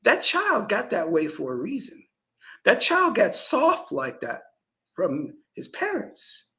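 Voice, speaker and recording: Male priest, spiritual talk, preachy and emphatic, pitch swinging all over. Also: huge pitch swings, slow, pushed and bright, low-quality recording. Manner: emphatic, preachy, lots of restarts. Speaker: Kemetic priest. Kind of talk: spiritual lecture monologue.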